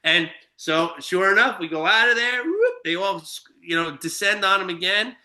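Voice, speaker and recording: A man's voice: high voice, normal speed, bright, forceful tone. A man telling a long, profane anecdote in casual chat, full of fillers and restarts. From Shelter Island, New York. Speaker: guest storyteller. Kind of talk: casual storytelling.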